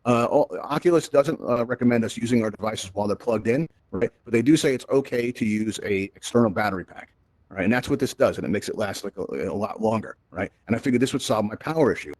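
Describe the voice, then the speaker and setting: A man's voice: fairly low pitch, fast talker, no room sound. A man presenting to a live audience in a virtual reality space, talking energetically through a headset microphone and checking in with "right?" after nearly every point. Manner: energetic, peppered with "right?" and "all right?". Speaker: event presenter.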